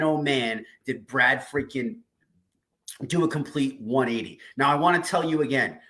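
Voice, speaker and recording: A man with a slightly raised pitch gives a fired-up, emphatic pep talk on his livestream. He repeats his phrases for emphasis and swears casually. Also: fairly bright tone. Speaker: host of a weekly diet community livestream. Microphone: video call streaming setup.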